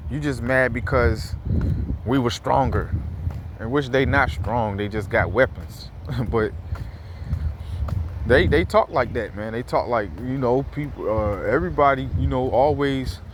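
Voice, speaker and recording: A man's voice: mid-range voice, unhurried, pauses often, background noise. A man giving casual, heated commentary while out walking, rambling with fillers and repeats, swearing freely. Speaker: scripture commentator. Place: outdoors, walking around a neighborhood.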